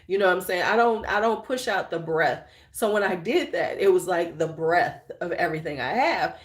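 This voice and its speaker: A woman's voice: on the low side, normal speed. Woman ranting casually on a livestream, blunt and cussing, roomy echo. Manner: blunt, profane, animated storyteller; reads and answers viewer chat. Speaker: channel host.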